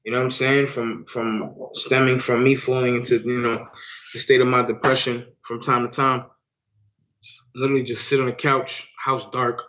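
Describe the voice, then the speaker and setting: Over dull, lo-fi audio, a man co-hosting a podcast talks slangily at a normal pace, throwing in "son" and "B" for the listener. His mid-range voice is fairly bright and shows little pitch movement.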